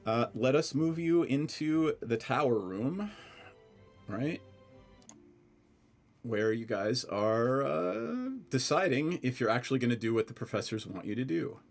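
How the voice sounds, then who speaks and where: A man's voice: mid-range voice, expressive, measured pace, creaky, faint music behind. A young man from Scranton running a tabletop game as game master, chatty and easygoing, often laughing and trailing off into fillers. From Scranton, Pennsylvania.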